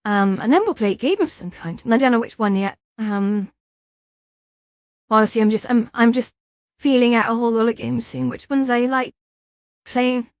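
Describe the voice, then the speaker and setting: A woman's voice: a little high, normal speed, pauses often, no echo, studio quality. Tired, chatty woman streamer. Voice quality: rambling, chatty, with frequent restarts and fillers. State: tired, yawning. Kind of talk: casual chat.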